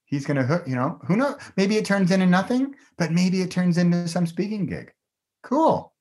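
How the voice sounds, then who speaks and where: A man's voice: sits high, expressive, normal speed, a little mellow. A middle-aged man talking as a guest on a podcast in a casual, enthusiastic way, laughing often. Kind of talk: casual conversation.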